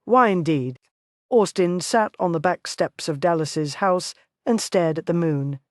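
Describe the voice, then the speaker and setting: An audiobook narrator reading a Western romance in steady, even storytelling. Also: mid-range voice, measured pace, no room sound, clean studio sound.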